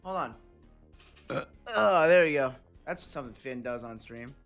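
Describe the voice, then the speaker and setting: A man's voice: medium pitch, animated, a little slow, gravelly, fairly bright tone. A man streaming, chatting casually with viewers, joking crudely and reading chat aloud. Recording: background music under voice. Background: game music.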